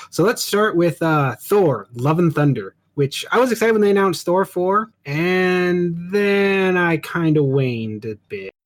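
A man with a fairly high voice co-hosting a casual pop-culture podcast. He talks briskly and dryly, moving the conversation from one item to the next. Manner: brisk, steering the topic list, dry. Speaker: podcast co-host. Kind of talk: casual chat.

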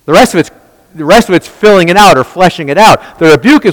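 A man's voice: sits high, animated, fast talker, in a large hall, rough recording. A man teaching a Bible study, asking rhetorical questions and answering them himself, often restarting and repeating words.

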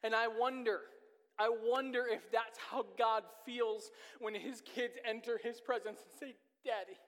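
High-voiced preacher in a reverberant church. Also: male voice, flat delivery, unhurried, fairly bright tone. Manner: earnest storytelling, with sudden swings of pace. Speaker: pastor. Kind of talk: sermon. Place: church sanctuary. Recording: long reverb of a church hall.

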